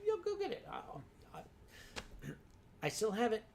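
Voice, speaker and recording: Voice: medium pitch, huge pitch swings, a little mellow. A show host from Pennsylvania telling anecdotes in a casual chat, acting out the voices of the people in the stories. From Pennsylvania, USA. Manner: unhurried anecdote telling, acts out quoted voices.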